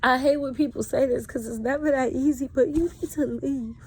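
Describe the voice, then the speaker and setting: A woman's voice: high-pitched, fairly even intonation, fairly quick, a little mellow, husky. Emotional woman vlogging, raw and profane. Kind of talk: candid personal vlog monologue.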